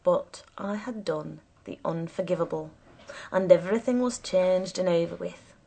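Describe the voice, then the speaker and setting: A woman narrating a story as an audiobook reader, with measured storytelling and lively quoted voices. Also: fairly low pitch, gravelly, breathy edge.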